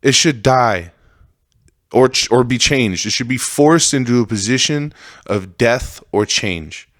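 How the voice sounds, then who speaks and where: On his podcast, a man delivers a heated, profane rant that keeps circling back to the same phrases. His medium-pitched voice is animated yet unhurried, recorded at studio quality with no room sound.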